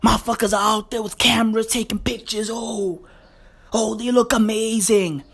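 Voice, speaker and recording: A woman's voice: fairly high pitch, fairly even intonation, moderate pace, vocal fry, breathy edge. A woman with a South African accent delivering a profane, slangy comic rant with mocking, emphatic repetition.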